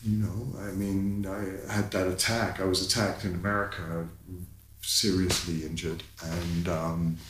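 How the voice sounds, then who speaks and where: Man, low voice, animated storytelling, swears, echoey room. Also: a little slow, slight background noise. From London, England. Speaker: guest. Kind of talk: candid storytelling in conversation.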